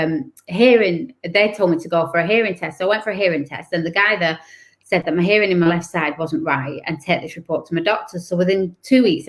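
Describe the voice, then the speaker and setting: A woman telling her own story as an interview guest. She speaks candidly and with emotion, acting out the things people said to her. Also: fairly low pitch. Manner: candid, emotional, acts out remembered dialogue. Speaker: guest author.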